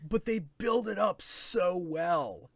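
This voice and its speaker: A man hosting a casual stream chat, excitable and swearing a lot, acting out quotes as he talks. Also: high voice, slow, vocal fry, dry recording. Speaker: host.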